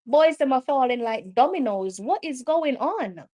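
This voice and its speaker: A woman with a Jamaican accent and a fairly high voice commentates over a live football match for her stream. She is excitable and exasperated, and drifts between standard English and patois as the play unfolds. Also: measured pace.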